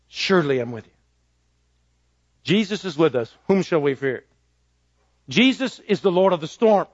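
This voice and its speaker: Male pastor mid-sermon with a high voice; punchy declarations and hushed asides, dull close recording. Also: expressive, moderate pace, long pauses, no echo. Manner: emphatic preaching, swinging between ringing declarations and soft low asides.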